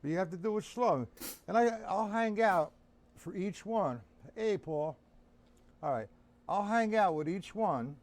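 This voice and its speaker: His voice high and a little slow, a weary drum teacher runs a drum lesson over livestream. He keeps things relaxed and chatty, calling out to viewers in the chat by name as they come in.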